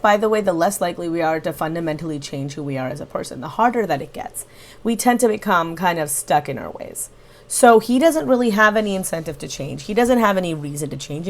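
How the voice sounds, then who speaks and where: Woman host, reaction commentary, slightly low voice, argues point by point. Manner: analytical and critical, argues point by point.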